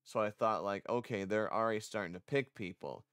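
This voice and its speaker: A man's voice: on the low side, fairly quick, fairly bright tone, clear, resonant tone, no echo, studio quality. A man streaming casually, rambling and self-conscious, a little congested. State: slightly congested. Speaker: vtuber streamer.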